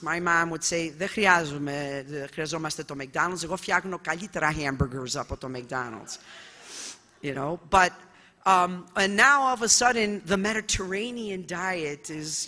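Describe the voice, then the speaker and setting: In an echoey large conference hall, a middle-aged American woman judge recounts personal stories in her talk. Her lowish voice is loud and expressive, sprinkled with many fillers.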